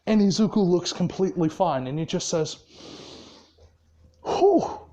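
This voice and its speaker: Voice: medium pitch, fairly quick, warm tone, highs cut off. A storyteller telling a fan-made story in a rambling, profane, casual way, with lots of fillers and frequent laughs.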